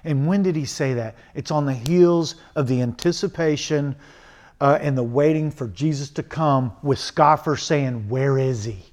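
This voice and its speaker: A man preaching a sermon, emphatic and earnest, swinging from loud exhortation to quiet asides and mocking rhetorical questions. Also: medium pitch, normal speed.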